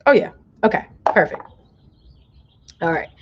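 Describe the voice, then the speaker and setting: A woman life coach leading a live-streamed motivational session, urging viewers to type affirmations and breathe with her, drawing key phrases out slowly. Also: muffled recording. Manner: encouraging, call-and-response, drawls affirmations slowly.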